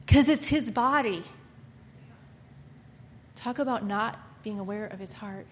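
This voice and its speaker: A woman's voice: medium pitch, moderate pace, long pauses. Impassioned woman preaching in a reverberant hall. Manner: impassioned, swinging between soft murmurs and loud emphatic lines; mocks people by acting out their inner voices. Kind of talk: sermon. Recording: reverberant hall with faint background noise.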